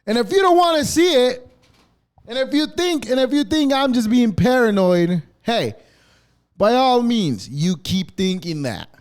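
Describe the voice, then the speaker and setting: Man ranting on a podcast, high voice, swings up and down, swears nonstop, sarcastic. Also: very animated, a little slow. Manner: swears constantly, rambling and sarcastic. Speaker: podcast host. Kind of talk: profane ranting monologue.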